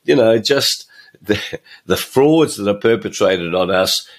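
A man's voice: lowish voice, expressive, measured pace. A middle-aged man, hosting a motivational podcast monologue and stressing his points by repeating phrases. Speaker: podcast host and coach.

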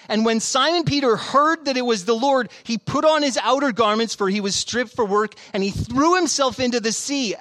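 A man's voice: high-pitched, fairly bright tone. A man in his thirties preaching a sermon, reading scripture and telling stories in a conversational way, often asking questions. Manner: conversational, storytelling with rhetorical questions. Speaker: pastor.

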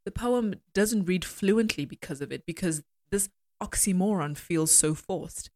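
A woman giving a measured, analytical critique of poems and reading lines aloud. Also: lowish voice, warm tone, dry recording, studio quality. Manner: measured, deliberate, argumentative. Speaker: poetry critic.

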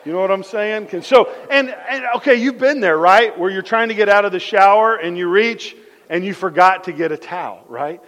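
A man preaching a conversational sermon, telling lively everyday stories, repeating his phrases and dropping his voice soft for the key points. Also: sits high, moderate pace, long reverb tail. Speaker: pastor.

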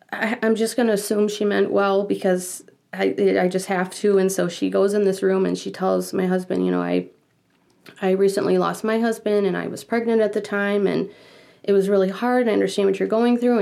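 A woman in her thirties tells a personal story on a podcast, her voice carrying a gravelly edge. She speaks with open emotion and slips into other people's voices as she quotes them. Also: mid-range voice, dark tone. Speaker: guest.

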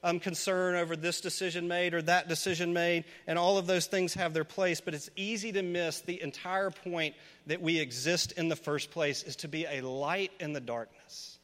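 A man with a high, bright, ringing voice delivers an earnest sermon to his congregation, his words trailing off into the long reverb of a church hall. He presses his points with repeated questions that grow loud and pleading. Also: fairly even intonation, normal speed, few pauses. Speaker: pastor.

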